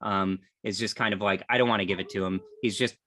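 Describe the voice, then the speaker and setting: A man's voice: fairly low pitch, fairly even intonation, fast, pushed and bright. A man co-hosting a casual podcast chat, rambling and hedging with lots of "like" and "um". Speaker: podcast co-host.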